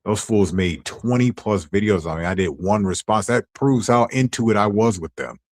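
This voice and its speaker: A man's voice: lowish voice, moderate pace, darkish tone. A man ranting on his stream, heated and profane as he tells his side of a feud. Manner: angry, profane storytelling.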